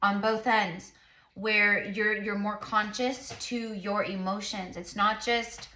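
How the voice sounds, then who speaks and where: Woman tarot reader, chatty and rambling, bright edge, echoey room. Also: mid-range voice, steady tone, slow pace. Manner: rambling, many fillers, repeated affirmations. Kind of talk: casual spiritual reading to camera.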